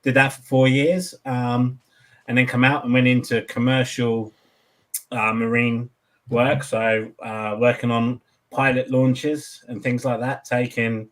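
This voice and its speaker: English guy in his 40s, pretty flat monotone voice, just telling his story. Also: mid-range voice, a little slow. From England. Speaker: guest. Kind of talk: casual chat.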